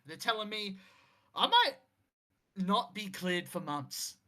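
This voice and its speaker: A defiant injured wrestling champion insists on keeping his title, voiced by a man. The voice is bright, forceful and intense. His pitch moves freely over a wide range. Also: very animated, slow pace, exaggerated voice.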